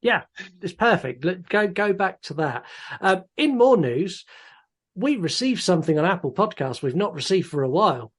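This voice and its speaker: Male podcast host, fairly high voice, blunt, swears in casual film chat. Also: very animated, moderate pace. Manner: blunt and swears freely, with many "um"s. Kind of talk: casual chat about films.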